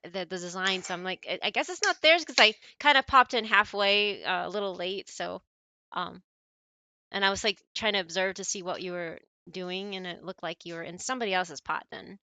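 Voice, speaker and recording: A woman's voice: mid-range voice, pushed and bright, clean tone, no echo. An American woman streaming, chatting casually with her chat, laughing often and rambling with lots of fillers. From United States. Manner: giggly, rambling, apologetic, many fillers.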